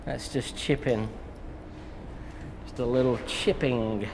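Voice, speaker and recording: An English man explains a haircut step by step in a relaxed, chatty manner, slipping in little jokes as he works. His voice rings with a long echo in a salon, with clear noise behind him. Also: mid-range voice, slow. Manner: relaxed, chatty, joking asides while cutting. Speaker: hairstylist and educator. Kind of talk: live haircut tutorial commentary. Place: hair salon. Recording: echoey salon with background noise.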